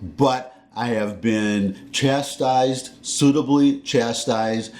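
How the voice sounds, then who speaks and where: A man's voice: medium pitch, fairly even intonation, extremely slow, darkish tone, slight background noise. A man from the American South with a Southern accent, vlogging in a rambling, folksy way and correcting himself as he goes. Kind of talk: casual talking-head monologue.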